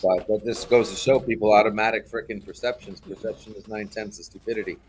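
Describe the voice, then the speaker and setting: A man's voice: on the low side, steady tone, fast talker, a little hiss or hum. Profane, heated man telling a story. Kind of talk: casual chat.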